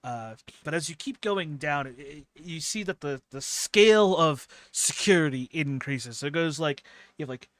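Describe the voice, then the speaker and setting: A man's voice: on the high side, expressive, moderate pace, dry recording. A man running a tabletop role-playing game, describing the scene in detail with many fillers and restarts. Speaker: game master.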